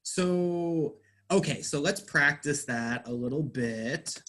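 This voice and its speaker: A man's voice: on the high side, slow, a bit bright. A man teaching an English grammar class, explaining patiently step by step and quizzing his students.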